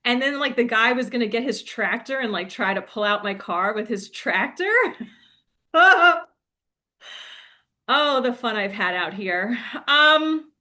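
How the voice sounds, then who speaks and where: Chatty young woman telling a story, lots of "like"s, breaks into laughs, high voice. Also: expressive, measured pace, sharp tone. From New Jersey. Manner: rambling, filler-heavy, laughs often. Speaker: spiritual coach. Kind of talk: casual storytelling monologue.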